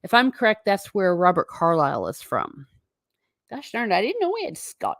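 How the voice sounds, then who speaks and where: A woman hosting a casual livestream from home, chatting with viewers in a wandering way and breaking off into quick asides to herself. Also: medium pitch, huge pitch swings, fairly bright tone, no room sound, studio quality. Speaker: livestream host.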